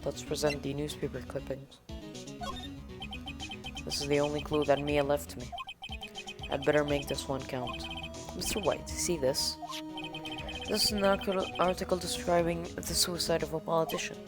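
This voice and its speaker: A woman's voice: low-pitched, fairly even intonation, normal speed, pauses often, natural voice. A woman voicing an earnest, determined young male lawyer in a video game, mixing accusations with inner monologue. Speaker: narrator of the game. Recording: game music playing behind. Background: game music.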